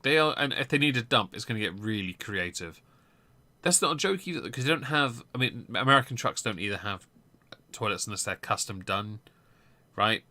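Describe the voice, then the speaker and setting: A man talks through the news on a live stream in a loose, rambling way. He keeps filling gaps with ums and is not shy about swearing. His voice is bright and a touch sharp at a middling pitch. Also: dry recording. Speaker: political stream host. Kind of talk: casual political commentary.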